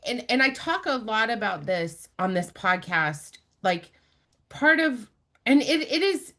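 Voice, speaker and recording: A woman's voice: on the high side, big pitch swings, a little slow, sharp tone. A woman hosting a podcast, talking reflectively in a casual conversation. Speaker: podcast host.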